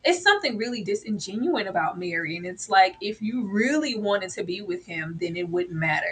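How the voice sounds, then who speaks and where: A woman co-hosting a TV review show in casual chat, animated and laughing as she acts out characters' lines. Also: medium pitch, husky.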